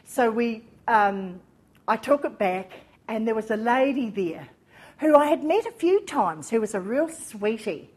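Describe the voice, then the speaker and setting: A woman's voice: fairly high pitch, animated, unhurried, a little mellow, slightly rough. Older woman sharing a fervent church testimony. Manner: storytelling, acting out both sides of conversations; fervent when praising God. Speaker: speaker at a women's church meeting. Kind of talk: personal testimony sermon.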